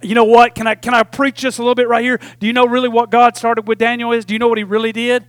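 A man's voice: very high voice, flat delivery, fast, dry recording. A man preaches a sermon. He speaks in a folksy, conversational way and keeps asking the congregation "Amen?" between points. His voice is recorded close and dry. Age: 40s. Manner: call-and-response preaching, repeatedly asking "Amen?"; folksy Southern phrasing with "y'all". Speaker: pastor.

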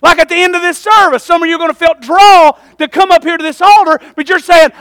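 A man's voice: extremely high pitch, quick pace, hardly any pauses, fairly bright tone, no echo. A man preaching a fervent sermon as pastor, calling for amens and using folksy slang.

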